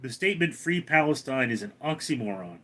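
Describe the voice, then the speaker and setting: A man's voice: lively intonation, a little fast. A man live streaming from home, reading viewer names aloud and answering them in a casual chat. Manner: reads viewer names out loud, then answers in a lower voice.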